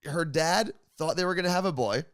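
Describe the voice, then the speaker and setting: A man's voice: on the high side, fairly quick, a bit bright, smooth, dry recording, studio quality. A man co-hosting a casual livestreamed talk show, teasing his co-host and reading out chat comments. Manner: teasing, reads chat comments, laughs often.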